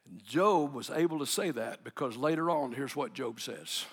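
A man's voice: medium pitch, normal speed, gravelly, husky, in a large hall. A man preaching a sermon in a folksy, joking way, often laughing and acting out quotes. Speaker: pastor.

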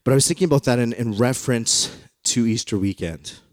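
A male pastor preaching to his congregation in a chatty, storytelling way. His voice sits at an ordinary pitch and sounds dry and close, with little room sound. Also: a little fast, no room sound. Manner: conversational storytelling. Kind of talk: sermon. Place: in front of a congregation.

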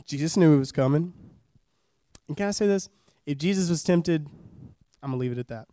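A man's voice: fairly high pitch, brisk, mellow, no echo, studio quality. A young man in his twenties preaching a sermon at a church service, in a casual, joking way that repeats phrases for emphasis.

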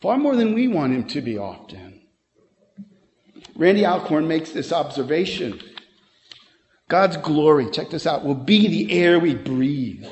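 A darkish-toned, sing-song male voice pitched a bit high delivers a heartfelt sermon, rising to emphatic peaks and falling back into quick, casual asides. Everything echoes at length through the church sanctuary.

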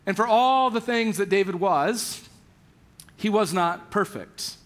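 A man with a notably high voice delivers a sermon. He retells scripture as a casual story, slipping into everyday slang as he acts out the characters' lines. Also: takes it slowly. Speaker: pastor.

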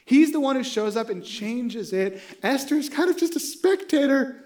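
High-voiced conversational man preaching. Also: expressive, normal speed, a little mellow. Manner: conversational, rhetorical "right?" asides. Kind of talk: sermon.

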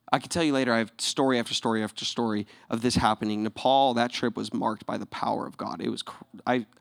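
Lively, bright-voiced male pastor. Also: mid-range voice. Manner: animated, laughing, acts out quotes. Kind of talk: sermon storytelling.

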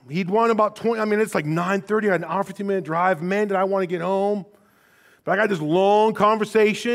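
A middle-aged man preaching a sermon in a casual, animated storytelling way, dropping to quiet asides and rising for emphasis. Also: high-pitched. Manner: conversational, casual phrasing with restarts.

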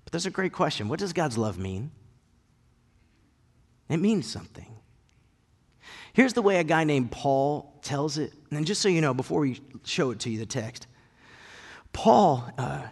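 A male pastor delivering a sermon in a dramatic way, swinging between loud declarations and hushed moments. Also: on the high side, big pitch swings, normal speed, slightly rough. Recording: long hall reverb.

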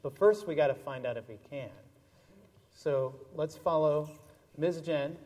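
Brief: man with a slightly high voice, animated children's storyteller in church, long reverb from the sanctuary. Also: measured pace. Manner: animated storytelling with toys, playful. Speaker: pastor leading a children's message.

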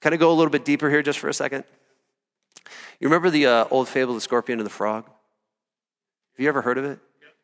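Impassioned preacher in a ringing hall. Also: male voice, medium pitch, steady tone, fast, long pauses. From Iowa, USA. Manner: impassioned, swings from shouting to quiet and intimate. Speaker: pastor. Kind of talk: sermon. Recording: long reverb of a church hall.

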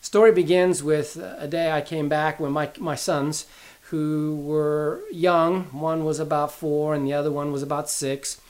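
A man's voice: on the high side, level tone, measured pace, a little mellow. A middle-aged man giving an earnest, sermon-style Bible teaching, repeating key phrases for emphasis as he tells a family story.

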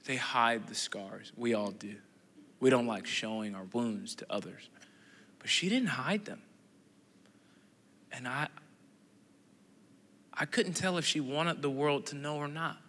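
Animated stammering preacher in a reverberant hall. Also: male voice, mid-range voice, measured pace, pauses often. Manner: stammering, animated storytelling with acted dialogue. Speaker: pastor. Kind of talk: sermon storytelling.

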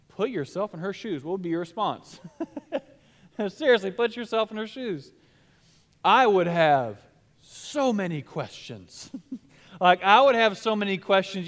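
A man preaching a sermon, acting out scripture scenes with laughter and lively asides. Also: high voice. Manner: animated, acts out scripture dialogue with laughs. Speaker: pastor.

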